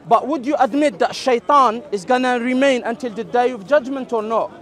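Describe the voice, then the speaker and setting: High-voiced man debating outdoors. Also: a bit bright. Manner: explanatory, interrupts, recites Arabic quickly. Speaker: street debater. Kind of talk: open-air religious debate. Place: outdoor public park.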